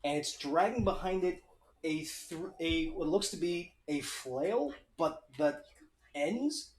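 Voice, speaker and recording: Male game master, slow narrator, echoey room. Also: a little high, expressive, a little mellow. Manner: slow, deliberate descriptive narration.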